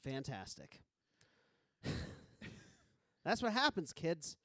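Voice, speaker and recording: A male podcast co-host in casual comedic chat who reacts with loud, animated disbelief. His voice is fairly high and swings widely in pitch. The sound is dry, with no echo. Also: drawn-out words.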